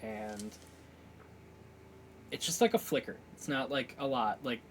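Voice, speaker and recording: A man narrating a tabletop game as game master, halting, with many fillers. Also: medium pitch, slight background noise, poor audio. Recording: clear music bed behind voice.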